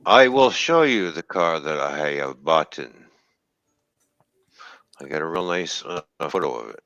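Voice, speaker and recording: A man's voice: extremely low pitch, animated, measured pace, fairly bright tone, dry recording, highs cut off. A man chatting casually on a live stream, joking and rambling through car engine details. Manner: rambling, jokey, explains car engine specs. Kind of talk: casual chat.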